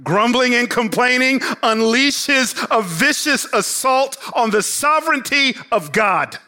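A middle-aged man, a pastor, preaching a sermon in an animated, joking way. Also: extremely high pitch, slow pace.

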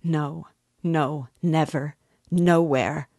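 A woman's voice: low voice, steady tone, slow, darkish tone, husky, no room sound, studio quality, exaggerated voice. A woman reading aloud and voicing a desperate, tender young woman who pleads and cries out. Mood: anguished pleading. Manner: pleading, tearful, rising to cries.

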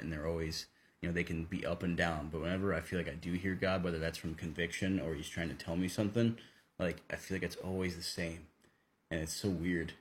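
A man's voice: deep voice, a little hiss or hum. A young man co-hosting a casual faith podcast, rambling with many fillers and restarts. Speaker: co-host.

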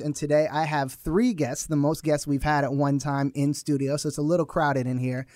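A man's voice: fairly high pitch, level tone, moderate pace, few pauses, darkish tone, dry recording. A man hosting a podcast in a small studio, chatting casually and joking easily. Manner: joking, easygoing, laughs often. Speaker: podcast host. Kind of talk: casual chat.

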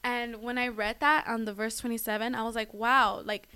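A woman's voice: on the high side, little pitch movement, brisk, sharp tone, clean tone. A young woman giving a casual devotional talk as host, chatty and full of fillers, often calling her listeners "guys". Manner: chatty, lots of fillers and "like", laughs at herself.

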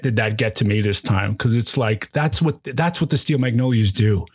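A man's voice: fairly low pitch, normal speed, few pauses, darkish tone, slightly rough. A man in his forties hosting a casual film discussion, talking effusively and emotionally, tripping over his own restarts as he gushes. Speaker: podcast host.

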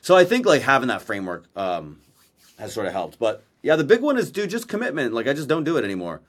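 A man's voice: mid-range voice, big pitch swings, fast, breathy edge. A man co-hosting a podcast in casual chat, blunt and profane, a self-described verbal processor talking over a video call. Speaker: podcast co-host. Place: Maui.

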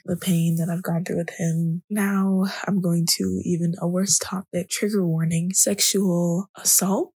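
A young woman hosting a podcast, telling her personal story in a soft-spoken way that often drops to a whisper. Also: fairly low pitch, husky. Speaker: podcast host.

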